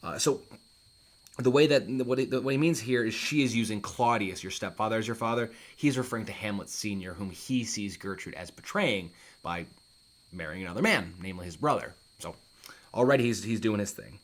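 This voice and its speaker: Low-voiced man explaining old verse. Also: a little fast. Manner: reads a line, then paraphrases it in plain words, with fillers. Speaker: literature teacher. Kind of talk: explanatory lesson.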